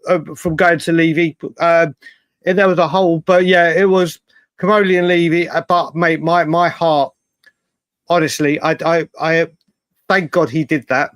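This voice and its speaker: A man co-hosting a podcast, telling stories in an animated, rambling casual chat with many restarts. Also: a little high, normal speed, no room sound. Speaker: podcast co-host.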